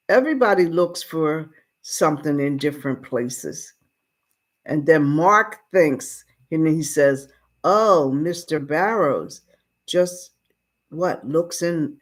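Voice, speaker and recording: A woman retelling a story in a casual, folksy way and acting out the dialogue. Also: fairly low pitch. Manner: drawling, folksy retelling with quoted voices. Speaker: speaker retelling a story for a lesson.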